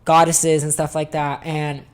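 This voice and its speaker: A young adult woman hosting her own podcast in a candid, expressive confessional chat, swearing freely and calling listeners honey. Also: deep voice, unhurried. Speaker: podcast host.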